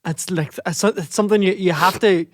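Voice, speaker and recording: A man's voice: high-pitched, brisk, dry recording, studio quality. A man, co-hosting a podcast, bantering, laughing often and swearing. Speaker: podcast co-host. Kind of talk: casual chat.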